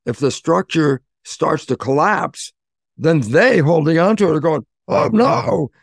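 Animated man explaining in a dry sound. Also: on the high side, measured pace, gravelly, no echo. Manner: animated, acts out dialogue in quotes. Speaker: interview guest. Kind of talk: conversational explaining.

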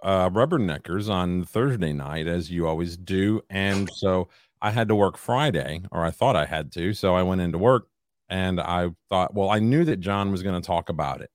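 A man co-hosting a podcast in casual chat, talking in a measured, wry and teasing way. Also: deep voice, lively intonation, dry recording. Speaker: podcast co-host.

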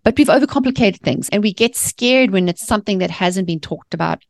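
A woman's voice: medium pitch, lively intonation, a little fast, vocal fry, dry recording, studio quality. A woman guest author talking passionately on faith and the mind, ranting at times and acting out voices of the people she quotes. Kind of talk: animated faith-based interview talk.

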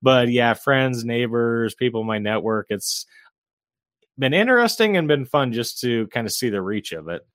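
A man's voice: medium pitch, animated, moderate pace, fairly bright tone, dry recording, clean studio sound. A man guesting on a podcast, talking about real estate in an easygoing way with frequent chuckles and fillers. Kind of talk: casual interview chat.

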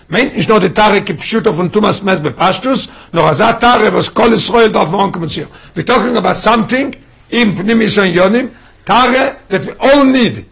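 Man, rabbi teaching a class, emphatic, quick pace, husky voice. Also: sits high, a bit bright. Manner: emphatic, mixes in Yiddish and Hebrew terms. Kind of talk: Torah class lecture.

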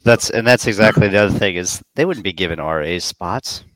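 A man's voice: sits low, a little fast, a bit bright, rough recording. A man who is a guest on a podcast, chatting casually and mostly answering with short agreements. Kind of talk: casual chat.

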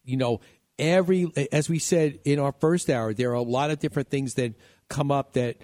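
A man's voice: medium pitch, a little mellow, no echo, clean studio sound. Chatty male radio host from New York. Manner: chatty, laughing, rambling. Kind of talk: casual chat.

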